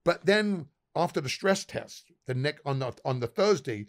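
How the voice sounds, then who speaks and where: Animated middle-aged storyteller man, heavy swearing. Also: fairly high pitch, moderate pace. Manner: animated, swears constantly, acts out dialogue. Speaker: guest, pub owner. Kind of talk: casual storytelling.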